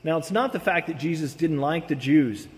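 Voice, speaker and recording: A man preaching a sermon, reading scripture with casual, animated asides. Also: a little high, moderate pace. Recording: long hall reverb.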